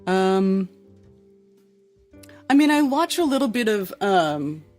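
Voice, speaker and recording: A woman's voice: medium pitch, very animated, takes it slowly, a little mellow, faint music behind. A woman hosting a casual live-stream talk show, speaking in a blunt, profane, exasperated manner. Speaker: podcast host.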